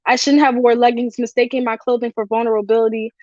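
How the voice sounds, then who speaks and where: A woman performing a spoken word poem at an online open mic, with a steady, confessional delivery. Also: on the high side, quick pace, no echo, lo-fi sound. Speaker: poet. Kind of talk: spoken word poetry reading.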